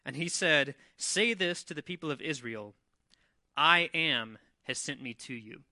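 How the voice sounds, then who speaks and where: Bright-voiced male pastor preaching. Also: on the high side, measured pace, no echo, clean studio sound. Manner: conversational, animated when retelling scenes. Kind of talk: sermon. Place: church.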